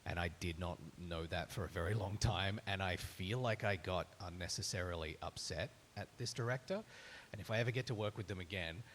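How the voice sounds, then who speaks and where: A man's voice: low-pitched, brisk, a bit bright, a little hiss or hum. A man with an Australian accent, a voice actor speaking on a live panel and telling candid, self-deprecating stories about auditions.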